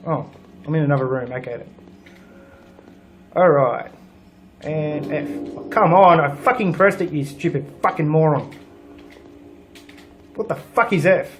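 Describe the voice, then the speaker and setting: Young male let's-player, slightly high voice, sweary and sarcastic, home desk mic. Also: measured pace, pauses often, soft background music. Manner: swears a lot, grumbling and sarcastic. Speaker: gaming channel host. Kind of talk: let's play commentary.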